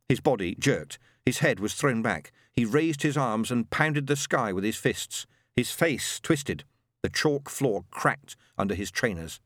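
Expressive male audiobook narrator. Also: mid-range voice, no echo, clean studio sound. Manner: expressive storytelling, dramatic pauses.

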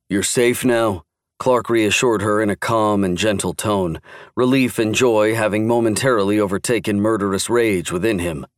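A man narrating a thriller audiobook in a steady, even storytelling manner. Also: lowish voice, no echo, clean studio sound. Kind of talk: scripted narration.

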